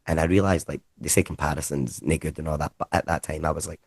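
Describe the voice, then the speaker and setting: A Scottish man, a comedian, chatting casually in an interview and telling rambling, lively anecdotes with some swearing. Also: very deep voice, fast talker, creaky, slightly rough, no room sound. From Scotland. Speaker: comedian guest. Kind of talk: casual conversational storytelling.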